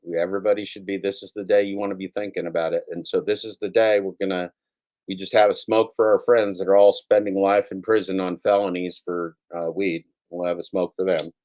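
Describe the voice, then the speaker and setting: Low, level and a little mellow, this man's voice moves a bit fast as he hosts his own livestream from a home computer setup. He rambles casually, swearing often and repeating himself in a self-mocking way.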